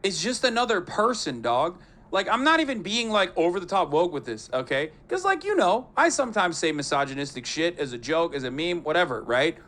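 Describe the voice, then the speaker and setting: Animated sarcastic male streamer. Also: high voice, fairly quick, few pauses. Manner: sarcastic, profane, laughing, animated. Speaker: live streamer. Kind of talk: casual reaction commentary.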